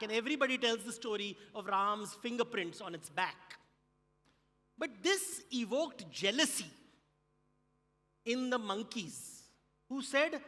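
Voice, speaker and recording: A strikingly high, bright male voice with an Indian English accent, spinning a story for a conference crowd. He stretches out key words for emphasis, and his voice rings with the long reverb of a big hall. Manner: animated storyteller with drawn-out emphasis. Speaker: conference speaker. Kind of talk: storytelling keynote.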